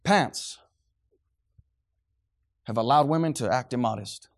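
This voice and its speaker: A man's voice: medium pitch, takes it slowly. A middle-aged man preaching a sermon to a congregation, fervent and preachy, sometimes losing his train of thought.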